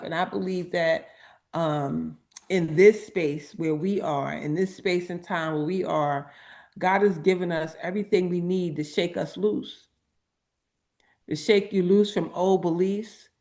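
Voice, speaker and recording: A woman's voice: on the low side, darkish tone. A woman hosting an inspirational livestream talk, speaking emphatically and repeating phrases for effect. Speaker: host.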